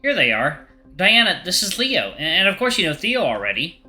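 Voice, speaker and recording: A man voicing a calm young man who talks gently and reassuringly. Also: high voice, normal speed, soft background music, pitched above the performer's own voice, heavily acted. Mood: gentle.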